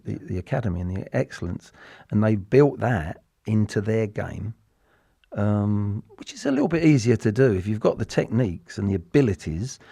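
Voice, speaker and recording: Gravelly English man in his sixties. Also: fairly low pitch, warm tone, no echo, studio quality. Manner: rambling, with frequent restarts and repeated words. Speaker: interview guest, former footballer. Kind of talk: casual reflective interview talk.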